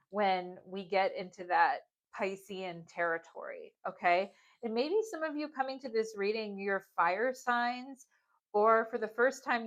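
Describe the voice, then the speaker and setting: A woman's voice: mid-range voice, a bit bright. Woman reading tarot to viewers, loose and chatty with many fillers, on a dull, lo-fi recording. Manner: rambling, filler-heavy, keeps asking "okay?". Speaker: tarot reader. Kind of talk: casual pick-a-card tarot reading.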